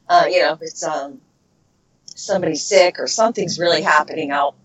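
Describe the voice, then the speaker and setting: A middle-aged voice actress chatting in an interview, laughing often and searching for words. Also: female voice, low-pitched, moderate pace. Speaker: voice actress, guest. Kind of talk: casual interview chat. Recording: dull lo-fi recording.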